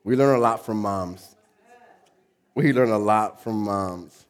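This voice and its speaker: A man preaching a sermon, telling a funny story and joking with his congregation, often repeating himself as he goes. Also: fairly low pitch. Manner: lively, joking, talks to the congregation; halting, repeats words.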